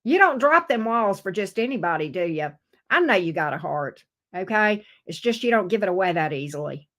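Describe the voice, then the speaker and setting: A woman giving a casual tarot reading to camera, expressive and swearing freely as she acts out the viewer's voice. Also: mid-range voice, a little fast. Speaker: tarot reader.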